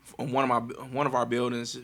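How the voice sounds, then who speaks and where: Male co-host, casual podcast; bright tone, relaxed number-crunching talk. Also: medium pitch, fast, gravelly. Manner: casual, works through examples with numbers.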